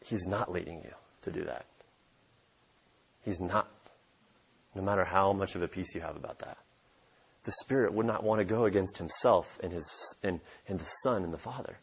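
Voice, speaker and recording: Emphatic, husky male pastor preaching. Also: low voice, normal speed, long pauses, lo-fi sound. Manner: emphatic, repeats key points for stress. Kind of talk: sermon.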